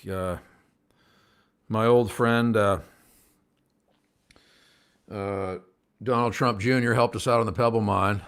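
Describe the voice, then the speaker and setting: A man chatting on a home livestream, earnest and rambling, now and then getting fired up. His voice sits a little low. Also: slow pace, pauses often, clear, resonant tone. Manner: rambling, earnest, gets worked up and calms himself. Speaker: host of a livestream show. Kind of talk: casual livestream chat to viewers. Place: at home by a window, indoors.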